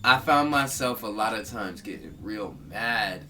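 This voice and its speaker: A man in casual chat with his father, talking in an animated, profane way and building up to loud outbursts. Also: fairly low pitch, unhurried, soft background music. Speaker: host.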